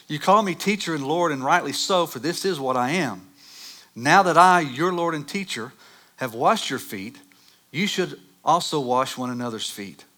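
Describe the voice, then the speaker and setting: Bright-voiced pastor preaching. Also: male voice, fairly high pitch, normal speed. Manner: animated storytelling, rising loud on dramatic moments. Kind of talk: sermon with personal stories.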